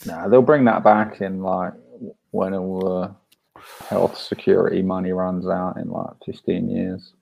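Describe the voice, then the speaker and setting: A man's voice: low-pitched, level tone, a little slow, gravelly, darkish tone, slight background noise, low-quality recording. A man in a casual conversation, telling wry jokes and laughing often.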